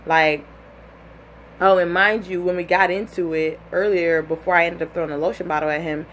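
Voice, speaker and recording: Lively young woman telling a story. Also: on the low side, moderate pace, slight background noise. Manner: animated, with frequent "like" and acted-out quotes. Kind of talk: casual storytelling.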